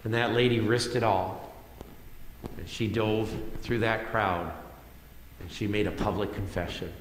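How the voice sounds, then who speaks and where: A man's voice: lowish voice, steady tone, a little slow, a little hiss or hum. Man preaching in an echoey sanctuary. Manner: conversational, repeats phrases for emphasis. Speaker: pastor. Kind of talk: sermon. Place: church sanctuary. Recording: echoey hall with long reverb.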